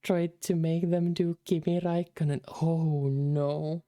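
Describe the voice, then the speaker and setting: Woman game streamer, casual and affectionate, keeps calling viewers darlings. Low, dark tone. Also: fairly even intonation, takes it slowly, no echo, studio quality. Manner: chatty and affectionate, calls the chat darlings. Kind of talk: casual livestream chat while reading a game.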